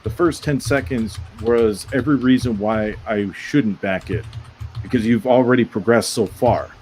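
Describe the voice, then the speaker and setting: A man judging pitches on a casual online panel, giving direct, emphatic coaching advice. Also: normal speed, darkish tone, slight background noise, low-quality recording. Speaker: panel judge.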